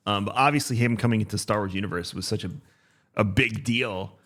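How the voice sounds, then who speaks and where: A man in his thirties co-hosting a podcast in casual chat, relaxed and halting, with many fillers. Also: lowish voice. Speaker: podcast co-host.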